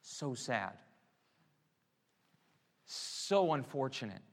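A man preaching a sermon, swinging from hushed, quiet prayer to loud, emphatic exhortation. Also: medium pitch, very animated, drawn-out words. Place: church sanctuary. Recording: long church reverb.

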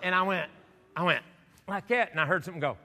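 High, bright preacher man in a church hall. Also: quick pace, a little hiss or hum. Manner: animated, acts out scenes with shouts and laughs. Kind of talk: sermon storytelling. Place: church sanctuary. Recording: church hall with long reverb.

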